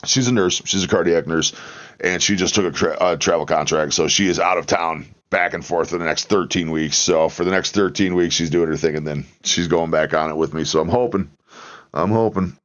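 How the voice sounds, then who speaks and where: Low-ish voiced guy chatting on a livestream, dull lo-fi audio, answering chat as he goes. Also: a little fast, a bit bright. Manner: chatty, reacting to viewers and the narration. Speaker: livestream host. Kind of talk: casual chat. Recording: lo-fi stream audio.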